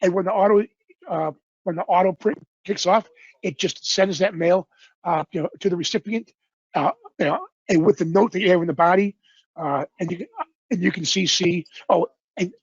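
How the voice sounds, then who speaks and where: A man giving an informal, unscripted software demonstration in an online webinar, apologetic at times. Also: high voice, husky, no room sound, muffled recording. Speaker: software presenter. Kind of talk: live software demo webinar.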